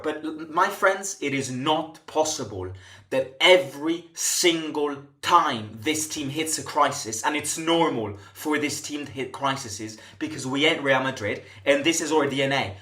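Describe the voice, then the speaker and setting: A man's voice: on the high side, pushed and bright. A man hosting a football fan channel, delivering an impassioned commentary rant full of emphatic rhetorical questions and frequent restarts. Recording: echoey room.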